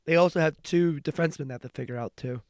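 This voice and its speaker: A man's voice: a little high, fast, darkish tone, no echo, studio quality. A young man co-hosting a podcast, teasing his partner and talking hockey with emphatic conviction. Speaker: podcast co-host. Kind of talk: casual sports chat.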